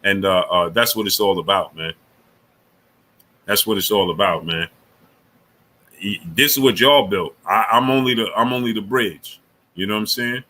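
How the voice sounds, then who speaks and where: Bright-toned man hosting a slangy sports livestream. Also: fairly low pitch, normal speed, long pauses. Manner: loose, slangy, reads out super chats between takes. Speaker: sports talk livestream host. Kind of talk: casual livestream chat.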